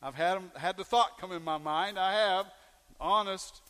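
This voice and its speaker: Male pastor mid-sermon, folksy, asks the room questions; high voice, echoing church hall. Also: moderate pace, pushed and bright. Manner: folksy storytelling with questions to the congregation.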